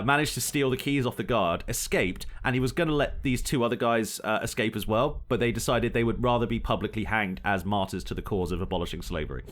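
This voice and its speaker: A young man co-hosts a casual podcast and tells stories with lively energy. He breaks into laughter often between points. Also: mid-range voice. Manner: laughs often, animated storytelling. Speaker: podcast co-host. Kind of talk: casual chat.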